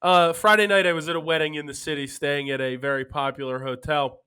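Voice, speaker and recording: A man's voice: on the high side, fairly even intonation, brisk, sharp tone, clear, resonant tone. A young man from Philadelphia hosting a casual sports betting podcast, easygoing and passing the talk around. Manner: easygoing, hands off to co-hosts. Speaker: podcast host.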